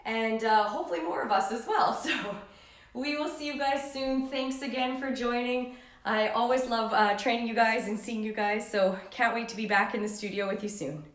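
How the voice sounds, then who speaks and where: A woman's voice: fairly high pitch, steady tone, moderate pace, recorded from a distance. A woman fitness trainer leading a live home workout, cueing breath and form and encouraging her followers. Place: living room at home. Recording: very echoey room, voice off-mic.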